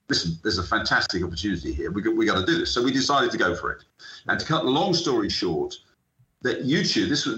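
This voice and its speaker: A middle-aged man from the UK, a sports entrepreneur telling stories as an interview guest, acting out the conversations he recalls. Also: on the low side. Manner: animated anecdotal, acts out dialogue. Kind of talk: storytelling interview. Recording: echoey room, dull lo-fi sound.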